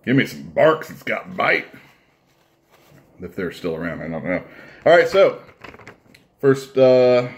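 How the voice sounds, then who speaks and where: A man's voice: mid-range voice, very animated, slow pace, long pauses. A man who owns a comic shop, giving a casual, rambling, blunt review while he eats.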